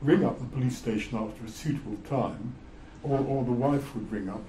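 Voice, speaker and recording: An older man spins wry, amused anecdotes from his working life, with a mellow, warm tone. The voice sits at an everyday pitch. The sound is roomy and echoey. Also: brisk, slight background noise. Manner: wry, amused, chuckles through his stories. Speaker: guest speaker, former defence lawyer. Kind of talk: anecdotal storytelling. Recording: roomy echo.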